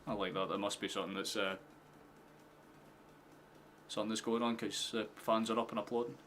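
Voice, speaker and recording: Guy doing a live footy watchalong, sweary and chatty, low voice, bit of noise behind. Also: little pitch movement, fairly bright tone. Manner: chatty, swearing, quick to laugh. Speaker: football watchalong streamer. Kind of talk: casual live match commentary. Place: home streaming setup with headphones.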